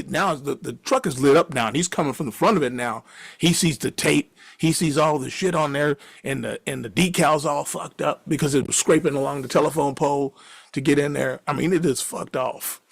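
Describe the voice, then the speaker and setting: Gravelly, husky man telling a profane story. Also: fairly high pitch, a little fast, dry recording. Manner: profane, rambling, laughs at own story. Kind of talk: casual storytelling.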